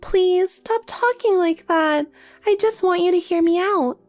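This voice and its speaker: A woman's voice: very high-pitched, a little slow, darkish tone. A synthetic woman's voice playing a desperate, pleading married older sister in a text story, with faint music behind. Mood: insistent. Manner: pleading, insistent.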